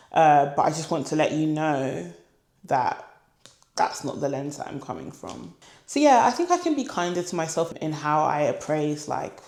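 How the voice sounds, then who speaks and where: A woman's voice: low voice, darkish tone, reverberant. A young woman vlogger in casual, candid talk to camera, emotional and open, with many fillers. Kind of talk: casual reflective chat to camera.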